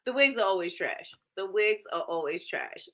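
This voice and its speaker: Bright-voiced opinionated woman host. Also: mid-range voice, normal speed. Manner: animated, opinionated, says "trash" again and again. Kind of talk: casual chat to a live audience.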